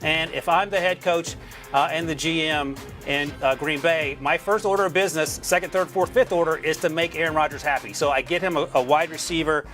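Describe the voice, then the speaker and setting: A man from North Carolina, a sports analyst guest, talking through draft picks in a quick, joking way on a studio mic. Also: a little high, a bit bright, soft background music. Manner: quick, joking, chuckles while explaining.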